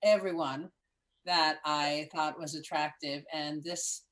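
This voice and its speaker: A woman's voice: sits low, steady tone, slow, fairly bright tone. A woman comedian chatting effusively on a video call. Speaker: comedian guest. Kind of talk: casual chat.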